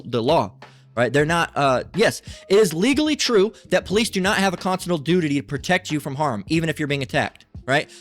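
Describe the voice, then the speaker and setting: A man hosting a commentary channel, ranting angrily and swearing constantly as he reacts to a clip. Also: fairly high pitch. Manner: profane, ranting, restarts often. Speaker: channel host. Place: lives in Las Vegas.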